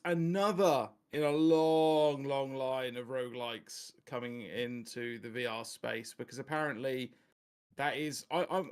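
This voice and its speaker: A man hosting a casual podcast, rambling and laughing as he chats about games. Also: medium pitch. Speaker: podcast host.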